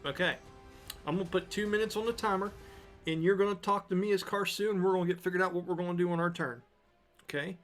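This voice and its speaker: A man running a tabletop game as game master, narrating scenes slowly and deliberately. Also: high voice, fairly even intonation, soft background music.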